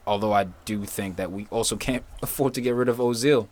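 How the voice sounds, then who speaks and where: Casting note: low-pitched male podcast co-host, excitable, sarcastic banter. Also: brisk. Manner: excitable, sarcastic, swears freely. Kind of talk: casual chat.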